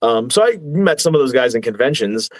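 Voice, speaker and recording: A man's voice: mid-range voice, animated, a little fast, no room sound. A man in his thirties, a wrestler from New Jersey, telling rambling anecdotes in a casual podcast chat and chuckling as he goes. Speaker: wrestler guest.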